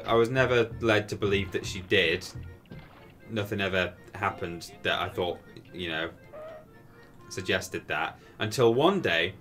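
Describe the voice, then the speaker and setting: A man's voice: sits low, sharp tone. A man chatting casually while streaming a video game, rambling and amused as he tells stories. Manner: rambling, self-amused storytelling. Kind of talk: casual gameplay commentary.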